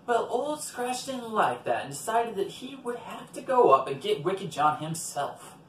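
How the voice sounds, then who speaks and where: Man, storyteller, animated swooping pitch, roomy echo, far from the mic. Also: a little hiss or hum. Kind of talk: reading a folktale aloud.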